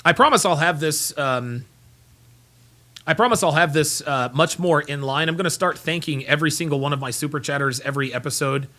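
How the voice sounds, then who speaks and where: Speaking a little fast in a pushed, bright voice on the high side, a man reads viewer super chats during a casual livestream. He is tired and yawning, rambling repetitively as he fumbles for files.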